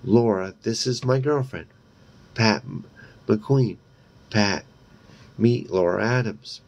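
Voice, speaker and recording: A man's voice: fairly low pitch, slow, creaky, muffled recording, full character voice. A man doing a friendly curious schoolboy. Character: friendly curious teenage boy student.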